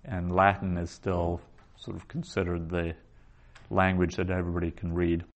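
A male teacher lectures a class in a slightly low voice. He explains each point patiently and in order, with ums and restarts along the way. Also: level tone, normal speed. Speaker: Hebrew teacher.

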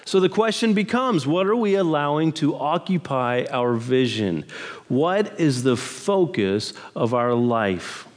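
A man preaching a sermon in an emphatic, measured way, asking rhetorical questions. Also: fairly high pitch, sing-song, in a large hall. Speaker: pastor.

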